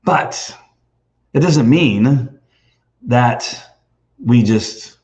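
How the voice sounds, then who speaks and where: A man's voice: medium pitch, very slow. A man hosting a live video stream, talking off the cuff in a rambling, emphatic way with lots of restarts. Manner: animated, emphatic. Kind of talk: off-the-cuff livestream monologue.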